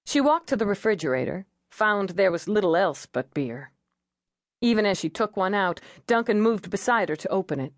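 Measured woman audiobook narrator. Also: medium pitch, no echo, studio quality. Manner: measured, expressive reading.

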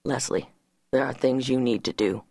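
A woman voicing a steady, gentle grown man who speaks softly but firmly. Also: normal speed, gravelly, breathy edge, dry recording, clean studio sound, exaggerated voice. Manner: soft, low and firm.

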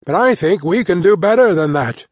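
A blunt sea captain, raised a little higher than the reader's own voice, as a male narrator puts him on. He speaks in clipped seaman's phrases with a nautical "eh" and "aye". The studio sound is close and dry. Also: animated, normal speed, a little mellow, dry recording. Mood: wry. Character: blunt male ship captain, middle-aged, alert. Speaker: ship captain.

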